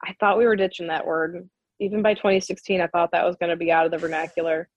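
Husky young american woman, blunt, swears a lot, dry close mic podcast chat. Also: lowish voice, flat delivery, fast, dry recording, highs cut off. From United States. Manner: blunt and opinionated, swears freely. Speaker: podcast co-host. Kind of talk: casual chat.

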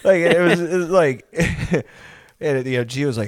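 A young man chats casually, telling rambling stories laced with swearing, laughing often, and doing voices for the people he quotes. His medium-pitched voice stays steady at normal speed, recorded dry with clean studio sound.

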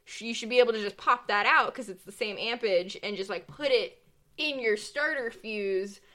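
A woman's voice: a little high, normal speed, sharp tone. A young woman co-hosting a podcast, telling a story in casual chat with lots of "like" and frequent laughter. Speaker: podcast co-host.

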